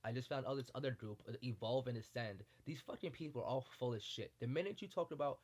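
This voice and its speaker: A man's voice: medium pitch, fast talker, darkish tone. A man giving a heated, profane monologue, blunt and repetitive, often asking "you know what I'm saying". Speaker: spiritual commentator. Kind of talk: impassioned monologue.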